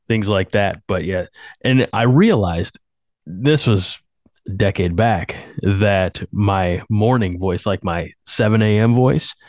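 A man with a lowish voice hosts a podcast, his sinuses a little congested. He rambles in a chatty, self-deprecating way, recorded on a dry, close mic. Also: takes it slowly, a little mellow, no echo. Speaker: podcast host. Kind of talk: casual podcast chat.

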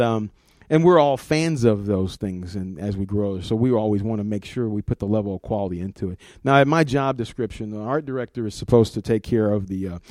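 A man's voice: fairly low pitch, mellow, no echo. A middle-aged man, a comics art director, talking casually in an interview, rambling and repeating words, laughing often.

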